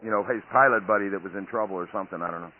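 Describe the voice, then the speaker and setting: A man's voice: lowish voice, rapid-fire. A man hosting a podcast interview, chatting casually and rambling with lots of fillers and restarts. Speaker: podcast host. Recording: tinny phone-line audio with faint noise.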